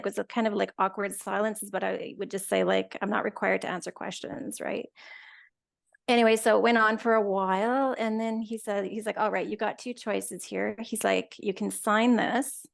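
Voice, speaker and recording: A woman tells a story as a guest, with a heavily gravelly, creaky voice. She chats in an animated way, acting out both sides of a conversation. Her pitch sits in the middle for a woman. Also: moderate pace. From Canada. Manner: chatty, animated retelling with quoted dialogue. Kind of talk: casual storytelling.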